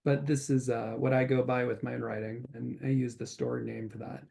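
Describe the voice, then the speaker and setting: A man hosting a video-call interview, halting and filling his sentences with repeated words. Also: medium pitch, level tone, vocal fry, dark tone. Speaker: interviewer and anthology editor. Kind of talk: casual interview chat.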